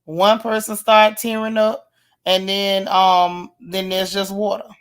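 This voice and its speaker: A hoarse woman hosts a late-night livestream in a casual, chatty way. She reads viewer comments aloud and teases her audience affectionately, at a middle pitch for a woman. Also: little pitch movement, takes it slowly. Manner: affectionate, teasing. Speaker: livestream host. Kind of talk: casual live-stream chat.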